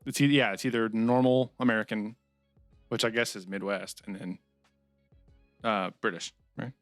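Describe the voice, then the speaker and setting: A man's voice: fairly low pitch, fairly even intonation, moderate pace, a bit bright, dry recording, faint music behind. A man co-hosting a casual comedy podcast, giving blunt opinions and swearing casually as he reads out chat questions. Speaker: podcast co-host.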